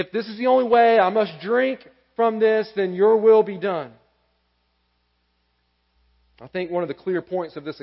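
A man preaching a sermon as pastor, earnest and repeating key phrases for emphasis, in a church sanctuary. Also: high-pitched. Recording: echoey church hall, dull lo-fi.

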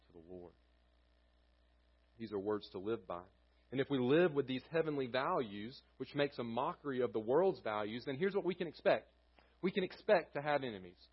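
A man preaching a sermon as a pastor, swinging between fervent, loud scripture reading and quiet, solemn warnings. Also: medium pitch, husky, dull audio.

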